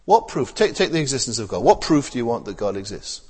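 A man's voice: medium pitch, very animated, fast talker, a little mellow, slightly rough, big-room sound. A man preaching a sermon in a plain, conversational way, with many rhetorical tag questions and frequent hesitations and repeated words.

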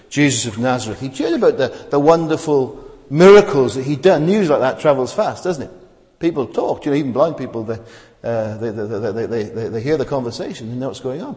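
A man's voice: mid-range voice, a little mellow. A man preaching a sermon at a church service, asking the congregation rhetorical questions and often restarting his words. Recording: long reverb of a large hall.

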